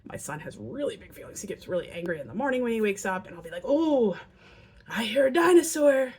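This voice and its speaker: This parenting educator talks rapid-fire, her fairly low voice carrying a breathy edge. Earnest in tone, she tells parents how to deal with kids' behavior and dramatizes sample quotes with spirited voices.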